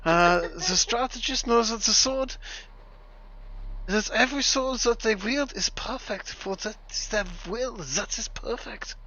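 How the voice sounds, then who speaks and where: A man voicing a solemn sword-master who recites old wisdom in a heavy German accent. The tone is bright and a little high. The recording is dull and lo-fi, with a faint hiss behind it. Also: heavily acted. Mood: solemn recital. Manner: grave, measured recital in a put-on accent.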